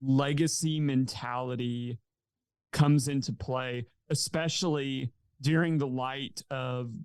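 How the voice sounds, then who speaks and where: A man lays out his sports opinions in long, earnest runs, pushing his argument forward. His voice is mid-pitched, and the sound is dry and close with no echo. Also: fairly even intonation, slow, smooth. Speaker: podcast co-host. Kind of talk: casual sports betting chat.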